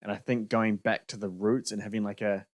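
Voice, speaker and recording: A man's voice: fairly low pitch, flat delivery, fairly quick, no room sound, studio quality. A young man co-hosting a podcast, giving his opinions on films in a casual chat and laughing easily. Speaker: podcast co-host.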